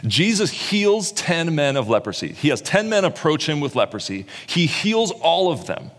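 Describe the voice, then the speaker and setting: A man preaching a sermon, telling the story in an animated way and acting out the words of its characters. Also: on the high side, moderate pace. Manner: animated storyteller who acts out quotes. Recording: long reverb in a large hall.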